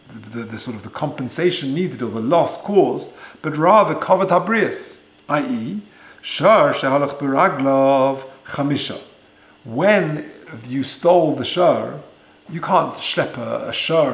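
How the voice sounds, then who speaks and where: A man's voice: medium pitch, animated, unhurried. A man, a rabbi giving a Torah lecture, conversational, with Hebrew and Yiddish terms and rhetorical questions. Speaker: rabbi teaching a weekly Torah class. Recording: echoey room.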